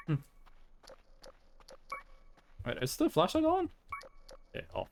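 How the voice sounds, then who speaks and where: A man's voice: very high voice, huge pitch swings, fast talker, fairly bright tone, slight background noise. A man from Norway with a Norwegian accent, chatting casually on a live stream, laughing, swearing and rambling as he reacts to clips.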